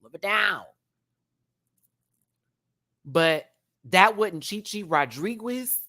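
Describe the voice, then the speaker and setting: Man, livestream show reviewer, chatty, animated, loud then hushed, dry close sound. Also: high-pitched, very slow, no echo. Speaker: YouTube reality TV reviewer. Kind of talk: casual livestream commentary.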